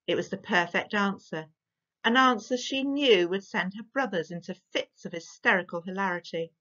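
Woman reading a storybook aloud. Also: lowish voice. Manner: measured, expressive. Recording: dull lo-fi recording.

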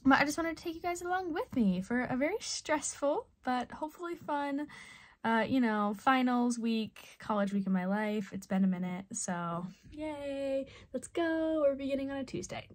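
A woman's voice: high-pitched, animated, moderate pace. A twenty-year-old woman from southeastern Michigan talking casually to camera in a vlog, chatty and rambling with lots of "like" and "um". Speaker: vlogger.

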